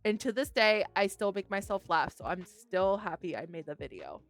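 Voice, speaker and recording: A woman's voice: medium pitch, normal speed, no echo, faint music behind. A woman co-hosting a podcast, telling her own stories candidly in casual chat and acting out her reactions. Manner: animated storyteller, acts out her own reactions. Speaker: podcast co-host.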